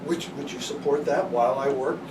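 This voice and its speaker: A man's voice: mid-range voice, steady tone, brisk, natural voice. A man playing a bashful, giggling office employee in an improv scene, heard from far off in a noisy, echoey room. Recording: distant echoey stage recording with room noise.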